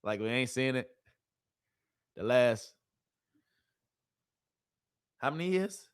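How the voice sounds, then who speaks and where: A woman streamer giving casual, animated sports commentary, full of rhetorical questions and slang. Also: rumbling low, takes it slowly, clear, resonant tone.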